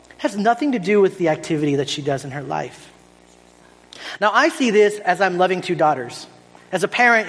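Animated high-voiced man preaching in a hall. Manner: conversational, animated, tags lines with "right?". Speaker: pastor. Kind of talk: sermon.

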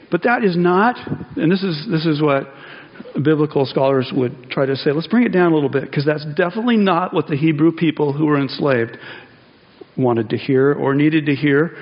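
A man delivers a sermon in a casual, talky manner, circling back on his phrases before climbing higher and louder to press a point home. His voice sits a touch high for a man. The sound is slightly dull and carries a long church reverb. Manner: conversational, self-interrupting, rises emphatically on key points. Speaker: pastor. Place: church sanctuary.

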